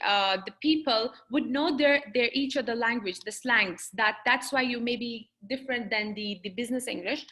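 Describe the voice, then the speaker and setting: This woman's voice is fairly high, pushed and bright. Over a video call, she counsels English learners in a webinar, teaching and taking questions in a chatty, conversational way packed with fillers and restarts.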